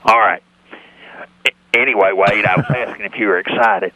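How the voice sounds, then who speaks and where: A man putting on a gruff, exasperated football team owner who fires off quick quips. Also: on the low side, bright, forceful tone, rough recording. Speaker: comedy host character. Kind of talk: radio comedy impression.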